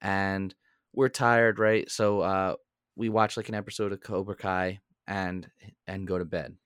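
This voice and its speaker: A young man and podcast co-host telling a story in a casual, animated way. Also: measured pace, clean tone, no room sound, clean studio sound. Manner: animated storyteller, jumps into high voices when quoting.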